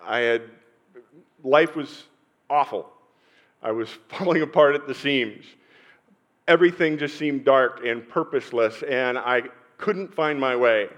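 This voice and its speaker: Preaching from the pulpit, this middle-aged pastor shares stories from his own life, punctuated by pauses and abrupt rises in loudness. His pitch is medium, and the audio sounds dull.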